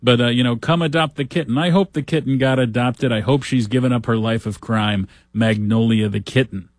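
A man's voice: medium pitch, fairly even intonation, moderate pace, darkish tone, no room sound, studio quality. A man hosting a talk show, reading news stories aloud with wry, sarcastic asides in a casual commentary style.

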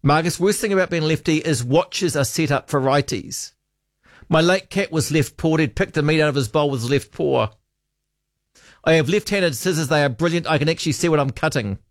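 A New man hosts talkback radio in a fairly high voice, musing aloud and reading listener texts. He drifts between thoughts and trails off with ums. His studio mic sounds close and dry. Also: fairly quick, no room sound. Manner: rambling, hesitant, trails off with ums.

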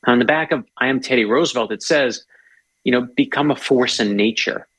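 A man's voice: mid-range voice, fairly quick, a bit bright, breathy edge, no room sound, low-quality recording. A man talking about history as an author guest in a casual interview, eager and storytelling, often restarting his sentences.

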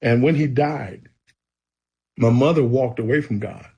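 A man's voice: mid-range voice, a little slow, dark tone, slightly rough, highs cut off. A man, a guest, earnestly telling his personal faith testimony in a conversation. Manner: storytelling, earnest and emphatic.

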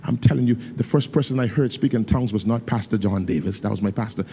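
Quick-paced and mellow, a pastor with a lowish voice preaches a fervent sermon in loose, casual grammar. He tells stories, calls out to his congregation and breaks into speaking in tongues.

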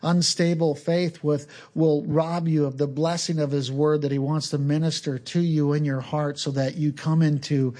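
Casting: male pastor, slightly higher voice, earnest unhurried sermon delivery. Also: flat delivery, dark tone. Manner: earnest, unhurried teaching with small repetitions.

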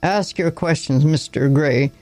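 A man reading the lines of a weary, contemptuous young country doctor who speaks in sharp, clipped phrases. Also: a little high, a little slow, no room sound, faint music behind, lightly acted.

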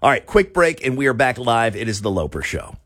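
Joking radio host from Florida. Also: male voice, mid-range voice, big pitch swings, a little fast, over loud music. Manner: joking, teasing, laughs easily. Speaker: radio morning show host. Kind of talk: casual radio talk with callers.

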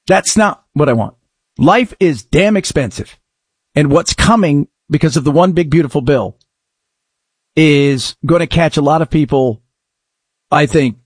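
Male talk radio host, high voice, dry close sound, sarcastic ranting monologue. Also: breathy edge, no room sound. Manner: sarcastic, mocking shouts.

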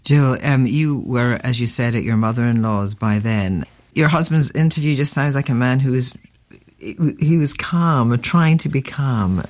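A man hosting and narrating, asking steady, measured questions. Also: mid-range voice. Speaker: host. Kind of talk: documentary narration and interview.

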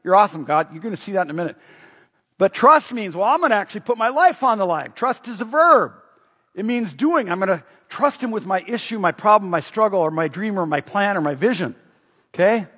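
A man preaching a sermon as pastor, animated, quoting scripture aloud. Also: high-pitched, fast talker, slightly rough. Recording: roomy hall, dull lo-fi sound.

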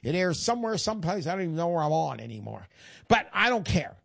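A man's voice: fairly high pitch, sing-song, quick pace, creaky, a bit bright, dry recording, clean studio sound. Chatty older male radio host. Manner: chatty, emotional, folksy salesman patter. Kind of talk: call-in radio talk.

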